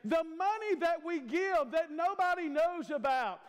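A man's voice: very high voice, lively intonation, a little slow. A man in his fifties preaching a sermon as a guest preacher, with an emphatic, repetitive cadence and stretched-out words. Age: 50s. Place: church sanctuary. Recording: long church hall reverb.

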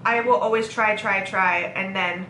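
Bright-voiced young woman in an echoey room. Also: mid-range voice, fairly even intonation, normal speed. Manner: laughs often, chatty and playful. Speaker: host. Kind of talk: casual chat. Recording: echoey room, faint background noise.

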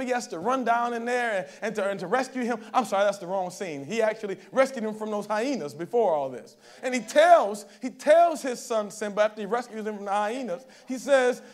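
A male pastor preaching a sermon at a church service in a conversational way, often checking in with the congregation. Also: high-pitched.

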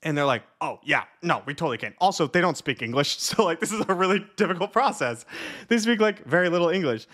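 A young man casually retelling a frustrating travel story, animated, swearing and laughing as he acts out both sides of the conversation. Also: a little high, quick pace. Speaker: vlogger.

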